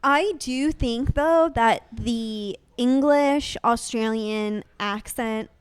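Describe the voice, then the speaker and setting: Smooth-voiced woman co-hosting a podcast. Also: a little high, drawn-out words, no room sound. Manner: hedging, lots of "like" and "I mean". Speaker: podcast co-host. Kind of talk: casual chat.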